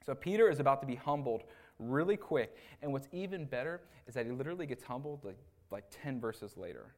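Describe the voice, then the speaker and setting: A man's voice: mid-range voice, brisk. A man, an assistant pastor, giving a conversational sermon with casual asides, often checking in with "right?" and acting out the people he describes. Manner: casual, tags lines with "right?"; animated retelling with acted asides.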